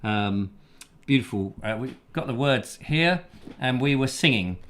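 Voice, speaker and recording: A man's voice: medium pitch, expressive, unhurried, fairly bright tone. Rambling man hosting a live show. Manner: rambling, self-deprecating, lots of ums and musing asides. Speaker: host. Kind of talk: casual live show chat.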